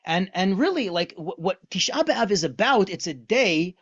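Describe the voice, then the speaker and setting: Animated man teaching with rhetorical questions. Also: sits high, normal speed, slightly rough, dry recording, lo-fi sound. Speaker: lecturer on Jewish texts. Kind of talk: online lesson.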